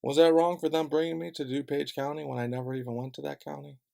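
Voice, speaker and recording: A man's voice: fairly high pitch, flat delivery, fast talker, gravelly, mellow. A man from Chicago delivering a heated, sarcastic, profane rant straight to camera. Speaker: vlogger.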